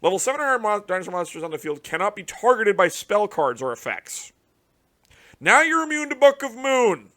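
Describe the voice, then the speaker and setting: Talking a little fast in a high-pitched voice, this card game channel host reacts to new cards. His heavily profane, casual commentary moves back and forth between mumbling and enthusiastic shouting.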